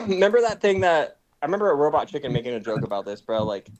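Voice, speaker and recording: A man's voice: a little high, sing-song, quick pace, a little mellow. Slangy young man in casual chat. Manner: slangy, says "bro" and "like" constantly. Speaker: streamer host.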